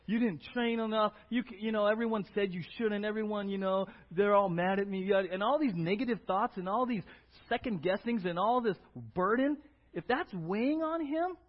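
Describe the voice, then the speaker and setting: A man preaching a sermon as pastor, conversational and animated, often asking "right?" to his congregation. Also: high voice, highs cut off.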